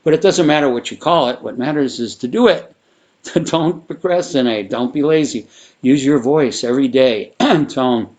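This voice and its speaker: Male sound therapy teacher, mid-pitched, loose and rambling, guided exercise delivery. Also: moderate pace. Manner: relaxed, rambling, with frequent fillers and restarts. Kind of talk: guided vocal exercise instruction.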